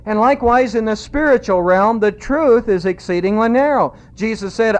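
A man preaching a sermon, emphatic and repeating key phrases, slowing down when he quotes scripture. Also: sits high, lively intonation. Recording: dull lo-fi sound.

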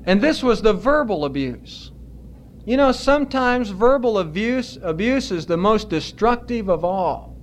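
A man preaching a sermon as pastor, earnest and emphatic, stretching out his words with pauses. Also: high-pitched, expressive, slight background noise.

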